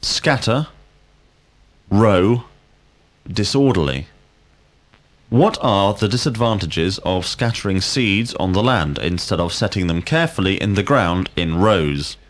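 A male language teacher, asking drill questions slowly and clearly. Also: low-pitched, animated. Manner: slow, deliberate, clearly enunciated questions. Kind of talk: scripted drill lesson.

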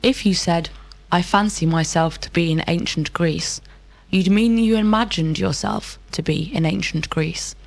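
Lowish woman answering in a dry room. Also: a little slow, creaky, no echo. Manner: precise, full-sentence answers. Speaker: model student. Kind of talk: scripted drill answers.

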